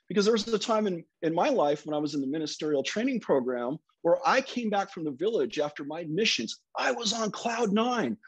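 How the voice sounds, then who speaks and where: Husky, high, lively-voiced preacher man. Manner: conversational storytelling. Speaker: minister. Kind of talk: sermon.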